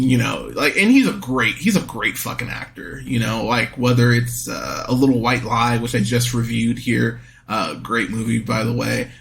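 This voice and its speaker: A man hosting a movie podcast, reviewing a film in a casual monologue, blunt and quick to swear in exasperated outbursts. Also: medium pitch, vocal fry.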